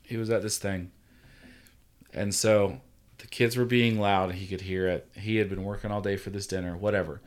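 A man's voice: lowish voice, fairly even intonation, moderate pace. A man hosting a casual chat about fatherhood, who tells stories and reassures in an earnest way. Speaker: podcast host, father.

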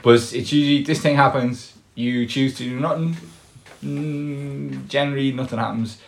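A man's voice: mid-range voice, fairly even intonation, moderate pace, gravelly. A man co-hosting a podcast, explaining a board game in rambling casual chat and swearing freely. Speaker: podcast co-host.

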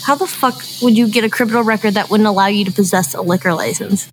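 A woman's voice: medium pitch, fast, slight background noise, rough recording. A woman co-hosting a casual chat podcast, blunt and brash with heavy swearing. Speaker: podcast co-host.

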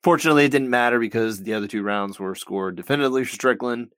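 A man co-hosting a podcast, talking through scores in a measured way, thinking out loud with frequent restarts. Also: medium pitch, no echo. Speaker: podcast co-host. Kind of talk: casual podcast chat about fight scoring.

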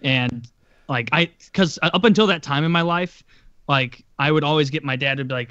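A man with a slightly higher voice rambles through a story in casual conversation, piling up filler words and swearing now and then. The voice sounds dry and close, with a dull, lo-fi tone. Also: moderate pace, a bit bright, clean tone, no echo. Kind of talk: casual chat.

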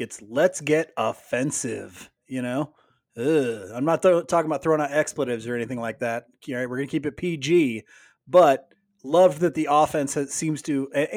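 A man co-hosting a casual sports podcast, talking in a halting way with frequent restarts. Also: a little high, a little mellow, no room sound, clean studio sound. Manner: halting, many restarts and fillers. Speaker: podcast co-host.

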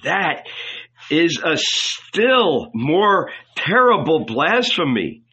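A man's voice: sing-song, slow, husky, heavily acted. Man voicing an anxious old rabbi. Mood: alarmed pleading. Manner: higher, louder, strained pleading. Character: aged anxious male rabbi, fearful and pleading.

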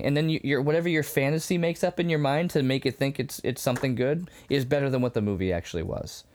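A man co-hosting a podcast in a casual chat, animated and quick to laugh as he acts out scenes. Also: medium pitch, slight background noise. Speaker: podcast co-host. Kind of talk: casual episode discussion.

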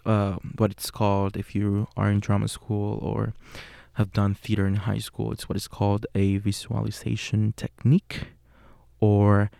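Young male podcast host with a Puerto Rican accent, low and gravelly, slow and casual, full of fillers. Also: mellow, no room sound, clean studio sound. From Puerto Rico. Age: young adult. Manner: unhurried, with frequent fillers and self-corrections.

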